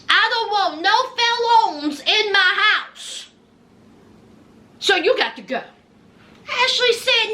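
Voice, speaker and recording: Sassy, high-voiced woman recapping. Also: slow pace. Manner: sassy, animated, folksy asides. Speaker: reality TV recap commentator. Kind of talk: casual commentary.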